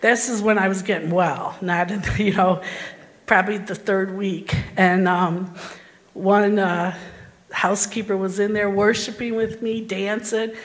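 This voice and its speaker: A woman's voice: medium pitch, steady tone, measured pace, in a large hall. A woman in her sixties giving a fervent, emotional personal testimony in church. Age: 60s.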